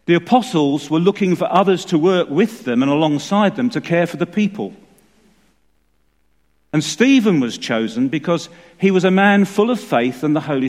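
A man preaching a sermon in a church, measured and emphatic. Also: on the high side. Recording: long reverb of a church hall.

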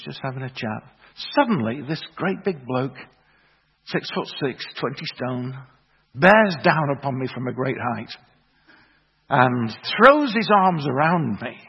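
A middle-aged man preaches with a gravelly, husky edge and a fairly high voice for a man. He tells stories wryly and mocks himself, then swells into earnest proclamation. His words echo through a long-reverberating hall on a slightly dull recording. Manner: wry, self-deprecating storyteller building to earnest proclamation. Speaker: preacher, former theological college principal. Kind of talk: sermon with humorous anecdote.

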